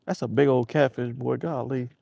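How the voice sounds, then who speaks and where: A man's voice: mid-range voice, fairly even intonation, normal speed, gravelly, warm tone, slightly rough, lo-fi sound. A man hosting a casual live fishing stream outdoors on a lake, telling rambling stories with easy laughs. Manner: rambling, laid-back storytelling with easy laughs. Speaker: fishing livestream host.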